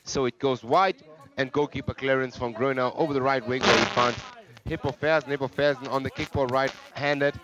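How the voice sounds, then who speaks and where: A man's voice: medium pitch, steady tone, moderate pace, a bit bright. A man doing live sports co-commentary in broken, non-native English, chatting about the players between calls. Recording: lo-fi, muffled sound.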